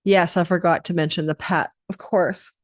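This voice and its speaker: A woman's voice: on the low side, fairly even intonation, moderate pace, no room sound, studio quality. Tired, chatty woman astrologer. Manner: rambling, chatty, lists things. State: tired, yawning. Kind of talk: casual astrology forecast.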